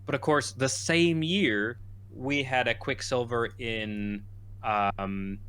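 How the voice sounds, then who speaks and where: A man co-hosting a podcast, chatting casually and rambling, acting out scenes in animated bursts. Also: mid-range voice, takes it slowly, clean tone. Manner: rambling, animated, quotes characters in lively bursts. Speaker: podcast co-host. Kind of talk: casual chat.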